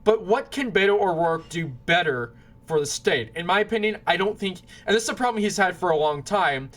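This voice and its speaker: This man's voice is high, a bit bright and animated, and he talks fairly fast. As a political commentator making casual predictions, he wanders off track, restarts often, and apologizes for fumbling names.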